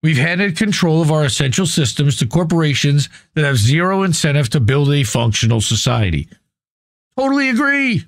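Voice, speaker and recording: A male podcast host with a somewhat high voice, recorded close and dry with no room sound. He reads passages aloud and then talks back to them bluntly, with casual swearing and a confident, opinionated edge. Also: very animated, normal speed, no room sound. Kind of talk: reading an article aloud with running commentary.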